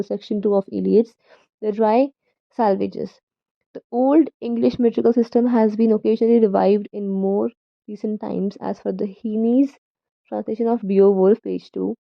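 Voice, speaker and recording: A woman's voice: mid-range voice, gravelly, dry recording, muffled recording. A woman reading a poetry textbook aloud, carefully and with small slips and self-corrections. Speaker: student reader.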